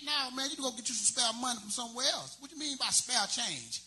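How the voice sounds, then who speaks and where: A man's voice: very high voice, lively intonation, fast, hardly any pauses, bright, forceful tone. A man doing a stand-up comedy set, telling loose, rambling stories full of street slang.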